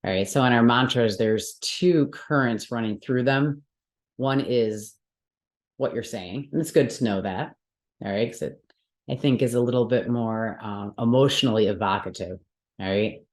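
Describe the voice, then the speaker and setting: A woman's voice: extremely low pitch, moderate pace. Patient woman teacher in a roomy space. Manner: patient step-by-step explaining, frequent check-ins with the class. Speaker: yoga and Sanskrit teacher. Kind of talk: teaching a mantra workshop. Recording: roomy echoey room.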